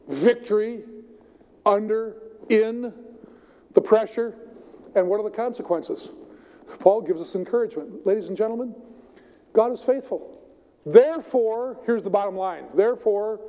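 A man's voice: sits high, normal speed, pauses often. A middle-aged male pastor preaching a sermon, telling stories animatedly and acting out the characters. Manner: storytelling, animated, acts out the characters. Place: church sanctuary. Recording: long reverb of a church hall.

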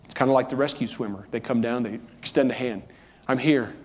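A pastor preaches a sermon in a church sanctuary, speaking conversationally and raising his voice for emphasis. His medium-pitched voice is steady and quick-paced. The recording carries the long reverb of a church hall.

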